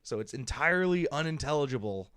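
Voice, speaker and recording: A young man co-hosting a comedy podcast chats casually and tells stories animatedly, laughing often. His voice is on the high side, smooth and quick, with no room sound.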